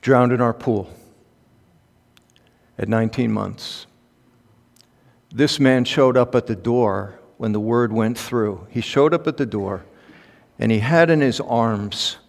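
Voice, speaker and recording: A man's voice: mid-range voice, gravelly. Male pastor preaching in a reverberant hall. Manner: conversational, halting with ums, rising to emphatic peaks. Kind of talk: sermon with personal stories. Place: large conference hall.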